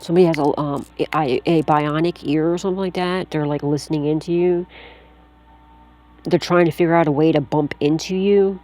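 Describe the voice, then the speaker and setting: In a low, mellow voice with fairly even intonation, a woman does a casual psychic tarot reading at a moderate pace. Blunt and slangy, she addresses the listener directly, reassuring them while swearing freely.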